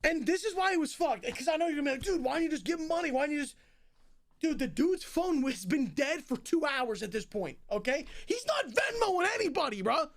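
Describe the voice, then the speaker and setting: A young male streamer with a notably high voice tells a wild night-out story to his chat. He races through some parts, drags others out, and cusses constantly. At the big moments he bursts into full shouting. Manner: animated, swears a lot, jumps between fast narration and loud outbursts. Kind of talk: casual storytelling to a live stream audience.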